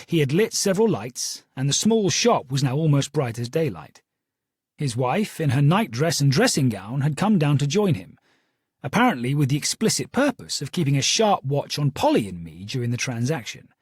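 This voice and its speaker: A man narrating a first-person audiobook with a steady storytelling delivery. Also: medium pitch, moderate pace, slightly rough, no room sound, clean studio sound.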